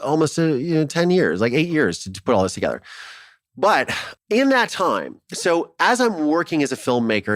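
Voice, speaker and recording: A male filmmaker from Ohio telling his story as an interview guest, animated and swearing freely, acting out what others said. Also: medium pitch, no room sound, clean studio sound. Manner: animated, swears freely, acts out quoted dialogue.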